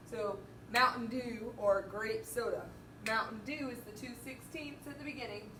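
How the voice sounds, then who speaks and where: High-voiced band teacher counting beats aloud. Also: female voice, normal speed. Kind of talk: music lesson walkthrough. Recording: roomy, distant mic, faint noise.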